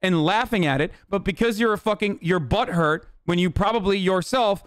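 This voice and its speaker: Man, streamer, high voice, crisp, dry close sound, swearing, heated, arguing with chat. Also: moderate pace, no echo. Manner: heated, profane ranting; argues directly with chat. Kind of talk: live-stream reaction commentary.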